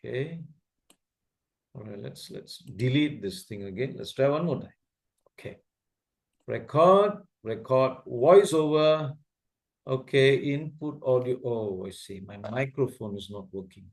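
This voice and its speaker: A man with an Asian English accent walks his learners through a video-editing tool at an unhurried, deliberate pace. He is patient and repeats each step. He keeps checking that everyone can see what he means. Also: mid-range voice, lively intonation, creaky. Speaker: trainer teaching video editing. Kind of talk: slow step-by-step software tutorial.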